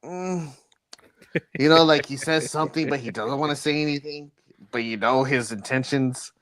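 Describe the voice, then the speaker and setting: A man's voice: medium pitch, moderate pace, fairly bright tone. A young man co-hosting a casual podcast, talking loosely and with slang and profanity. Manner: loose, slangy, profane, calls his co-host dude. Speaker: podcast co-host. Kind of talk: casual chat.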